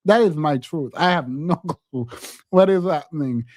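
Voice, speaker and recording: A man with a notably high voice talks casually to his live-stream audience, with frequent laughter and dramatic pauses. The sound is dry and close, with no room around it. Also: a little mellow, no room sound. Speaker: streamer and commentator.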